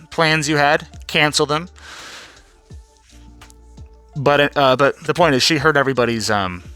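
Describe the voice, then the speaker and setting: A man's voice: mid-range voice, bright, forceful tone. A man recapping events in a casual, profane, rambling vlog rant, laughing often and mimicking people. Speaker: vlogger.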